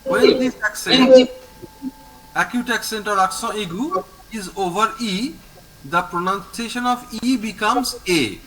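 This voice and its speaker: A high, bright male voice with an Indian English accent, taking his time and repeating every word for a student. He talks in a lively, rising-and-falling way over a video call, with faint background noise. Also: rough recording. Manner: patient, repeats each word slowly for the student. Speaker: French teacher. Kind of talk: online language lesson.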